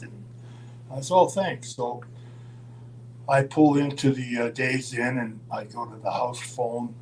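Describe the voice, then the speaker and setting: An older man from Minnesota telling road stories in a casual, animated way, acting out the voices of the people in them. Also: mid-range voice, a little hiss or hum, low-quality recording. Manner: animated storyteller, acts out quoted voices, chuckles. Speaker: storyteller guest.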